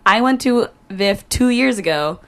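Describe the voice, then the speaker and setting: A woman's voice: medium pitch, animated, a little slow. A young woman co-hosting a campus radio show in the studio, playful and teasing in casual chat.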